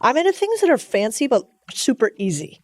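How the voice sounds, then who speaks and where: A woman's voice: fairly high pitch, sing-song, a little fast, no room sound. Giggly woman host, dry close sound. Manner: laughs easily, warm and encouraging. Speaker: podcast host. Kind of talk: casual chat.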